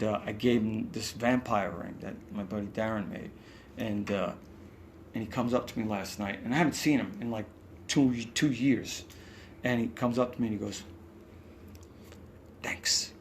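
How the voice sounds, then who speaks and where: A man's voice: on the low side, a little hiss or hum. A man with a New York accent tells rambling backstage stories in a casual interview, acting out quotes and swearing now and then. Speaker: musician guest. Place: hotel room.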